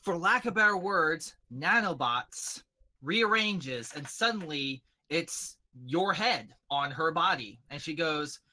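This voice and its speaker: Bright, lively male game master. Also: fairly high pitch, takes it slowly. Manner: lively, animated narration with character voices. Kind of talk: narrating a tabletop game.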